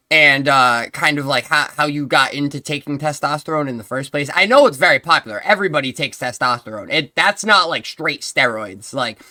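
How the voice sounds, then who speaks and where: A man hosting a casual podcast interview, his voice bright and forward. He asks rambling, laid-back questions, full of fillers and little restarts. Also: a little high. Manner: loose, filler-heavy questioning. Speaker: podcast host.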